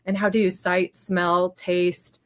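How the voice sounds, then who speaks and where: Encouraging woman podcast host, lowish voice. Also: little pitch movement, slow. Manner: encouraging, reflective, with filler restarts. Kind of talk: casual podcast conversation.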